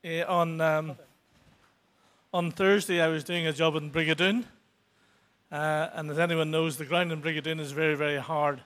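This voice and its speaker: A man's voice: on the high side, steady tone, a bit bright. Earnest sixties man with a raised voice. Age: 60s. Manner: halting, many restarts and fillers; earnest, grows emotional toward the end. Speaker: church member giving testimony. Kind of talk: unscripted testimony. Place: church.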